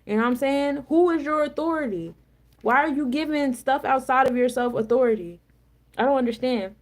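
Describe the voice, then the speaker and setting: A woman reading tarot on a casual livestream, blunt, profane and preachy, shifting between low calm explanation and loud emphatic challenges. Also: fairly quick. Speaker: tarot reader and spiritual coach.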